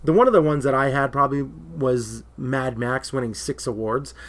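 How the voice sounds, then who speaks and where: A man co-hosting a casual movie talk show, rambling and getting excited when he retells a story. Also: medium pitch, normal speed. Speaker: podcast co-host.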